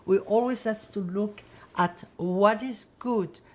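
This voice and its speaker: An older woman from France giving oral history testimony, reflective and halting, with many fillers as she searches for words. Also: medium pitch. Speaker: Holocaust survivor interviewee.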